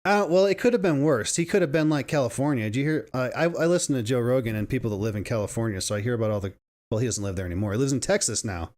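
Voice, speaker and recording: A man's voice: medium pitch, animated, rapid-fire, a little mellow. A man co-hosting a casual podcast chat, rambling with frequent restarts and laughs. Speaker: podcast co-host.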